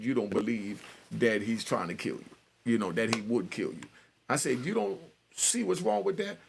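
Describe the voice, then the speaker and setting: A middle-aged man with a gravelly, husky voice tells a story in loose street talk. He acts out both sides of old phone calls, slipping from one speaker to the other in an easy, conversational way. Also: mid-range voice. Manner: street-talking, retells conversations with quoted voices. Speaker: storyteller host. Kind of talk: casual spoken storytelling.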